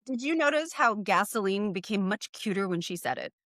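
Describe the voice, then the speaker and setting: A woman in her forties co-hosting an interview, playful and animated as she tells stories. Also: medium pitch, fairly quick, dry recording, studio quality. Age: 40s. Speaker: podcast co-host. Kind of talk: casual interview chat.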